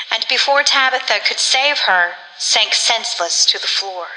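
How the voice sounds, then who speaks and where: A woman reading a gothic story aloud as a narrator in measured storytelling. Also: a little high, animated, sharp tone. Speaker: audiobook narrator. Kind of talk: scripted narration. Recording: long reverb.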